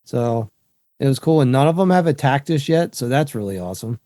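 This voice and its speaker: A man's voice: mid-range voice, animated, brisk, warm tone, no room sound, clean studio sound. A man co-hosting a podcast in casual chat, laughing and swearing as he retells family stories. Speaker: podcast co-host.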